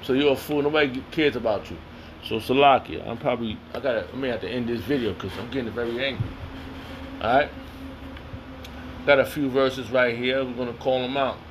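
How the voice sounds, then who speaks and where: A man's voice: mid-range voice, steady tone, a little fast, a little hiss or hum. A man reading scripture aloud and commenting on it in a heated, confrontational, slangy way. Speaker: self-styled preacher.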